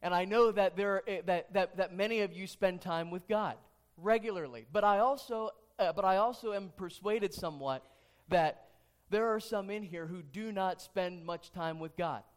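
A man with a somewhat high voice preaches to his congregation. He is earnest and keeps circling back to the same questions, restarting his phrases as he pushes his point home. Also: normal speed. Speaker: pastor. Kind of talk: sermon. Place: church sanctuary.

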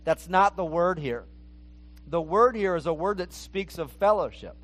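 A man with a notably high voice preaches a verse-by-verse sermon. He talks earnestly and often repeats a word as he restarts a phrase. He speaks in the manner of a pastor teaching his congregation. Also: animated, a little slow, a bit bright. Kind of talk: expository sermon.

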